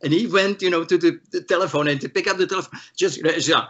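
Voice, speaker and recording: A man from the Czech Republic, a guest guitarist, telling animated stories in an interview and acting out the voices of the people he quotes, with many restarts. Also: fairly high pitch, fast talker, few pauses. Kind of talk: storytelling in an interview.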